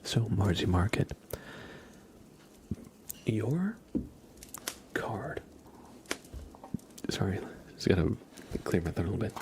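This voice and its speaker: A man hosting a whispered ASMR livestream chat, talking in a soft, rambling whisper. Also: fairly low pitch, big pitch swings, slow pace, long pauses, a little hiss or hum.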